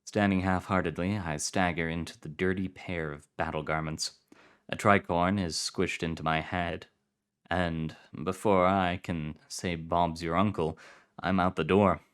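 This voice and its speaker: Man, very deep voice, fiction reader, calm measured narration. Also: smooth. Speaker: story reader.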